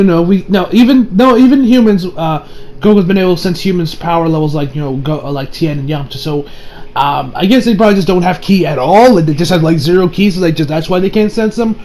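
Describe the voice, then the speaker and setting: High-voiced young man reviewing anime. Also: darkish tone, low-quality recording. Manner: rambling, with profanity and many restarts. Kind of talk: casual episode review.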